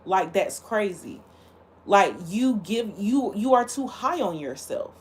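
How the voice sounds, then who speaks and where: A woman's voice: medium pitch, lively intonation, slow pace. A woman hosting a livestream, talking casually in a blunt, heated and emphatic way. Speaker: livestream host.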